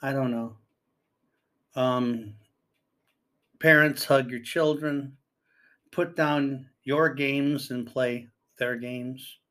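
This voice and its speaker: A man's voice: medium pitch, fairly even intonation, extremely slow, long pauses, a bit bright. An older man, a grandfather, talking casually and at length, reading news aloud and giving earnest advice to parents. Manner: rambling, reads news aloud and reacts. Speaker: commentator. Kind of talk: casual spoken commentary.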